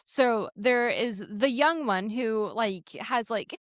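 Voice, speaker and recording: A woman co-hosting a podcast in casual chat, sick at the time, chatty and animated with lots of filler words. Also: a little high, takes it slowly, no echo, studio quality. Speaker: podcast co-host.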